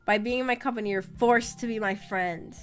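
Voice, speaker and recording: A woman's voice: mid-range voice, fairly quick. Giggly rambling woman streamer. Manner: rambling and giggly, laughs often, trails off with fillers. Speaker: VTuber streamer. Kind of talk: casual livestream chat. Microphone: streaming microphone. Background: faint background music.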